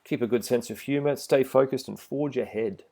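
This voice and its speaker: A middle-aged man giving a relaxed, plain-spoken instructional talk to trainee driving instructors, with some fillers. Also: medium pitch, moderate pace. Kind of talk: instructional voice-over with slides.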